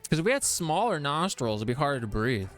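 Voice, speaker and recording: A man's voice: on the high side, very animated, fast talker, a bit bright, faint music behind. Rambling male streamer explaining game lore. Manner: reads chat aloud and greets viewers. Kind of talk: casual live-stream chat.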